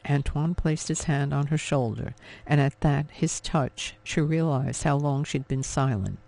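A man narrating an audiobook in a steady, expressive storytelling manner. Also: a little high, measured pace, gravelly. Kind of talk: scripted narration.

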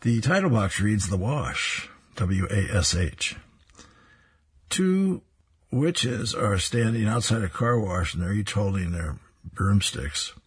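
Man reading comic strips aloud, husky and low, chuckles between strips. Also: lively intonation, takes it slowly.

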